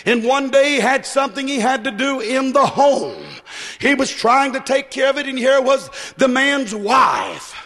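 A male preacher delivering a sermon emphatically, shouting and then dropping low. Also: expressive, a little slow. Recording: echoey hall.

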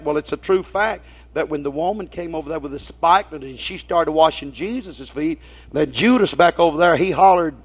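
A man's voice: on the high side, a little fast, breathy edge. A man preaching a folksy sermon, telling homespun stories and asking his listeners rhetorical questions. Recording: dull lo-fi recording.

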